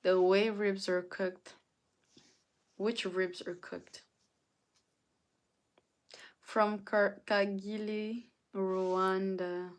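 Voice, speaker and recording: A woman's voice: medium pitch, little pitch movement, drawn-out words, pauses often. A tired woman hosting a casual live stream, reading chat messages aloud and answering them. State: tired, yawning. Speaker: livestreamer.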